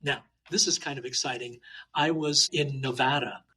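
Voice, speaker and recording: Husky-voiced man from Hawaii telling stories. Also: medium pitch, normal speed, poor audio. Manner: animated, talkative anecdotes with many uh fillers. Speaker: martial arts teacher, interview guest. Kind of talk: casual interview storytelling.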